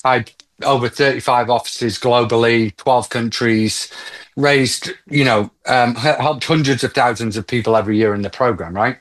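A man's voice: mid-range voice, normal speed. British man, jokey interview guest. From Britain. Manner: self-deprecating, jokey, lively storyteller. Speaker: guest, nonprofit consultant. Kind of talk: casual interview chat.

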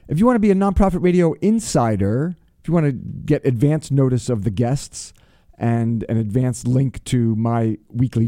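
A man hosting a radio show, talking casually and exuberantly, reading out listener shout-outs with playful alliteration. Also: mid-range voice, no room sound, clean studio sound.

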